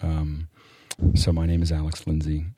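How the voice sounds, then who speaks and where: A man hosting a casual podcast chat, joking and halting with restarts. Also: very deep voice, monotone, dark tone, a little hiss or hum. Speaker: podcast host.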